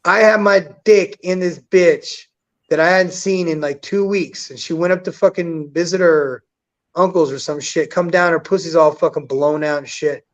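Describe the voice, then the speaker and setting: A man telling a story in a casual, crude, blunt way, full of swearing and lively acted-out quotes. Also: a little high, normal speed. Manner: profane, blunt, animated, acts out quotes. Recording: dull lo-fi sound.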